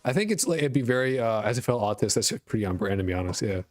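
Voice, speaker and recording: A man from rural Connecticut, whose accent mixes New York, Boston and Connecticut, chats casually and profanely on a game dev live stream. His medium-pitched voice is expressive and very fast, and he rambles with a self-deprecating streak.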